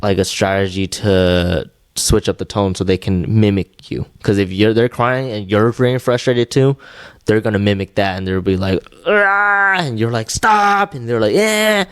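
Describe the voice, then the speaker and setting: A man's voice: fairly low pitch, steady tone, normal speed, smooth, no room sound, studio quality. A young man co-hosting a podcast, chatting casually and rambling with lots of fillers and restarts. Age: young adult. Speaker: podcast co-host. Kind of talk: casual chat.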